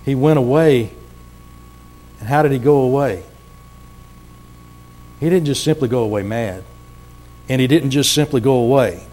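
A man preaching a sermon as pastor, earnest and slowing down to stress words. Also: mid-range voice, darkish tone. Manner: earnest, slows down for emphasis.

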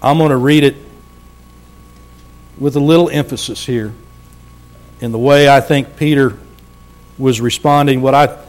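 A man preaching a sermon as pastor, earnest and slowing down to stress words. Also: mid-range voice, steady tone. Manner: earnest, slows down for emphasis.

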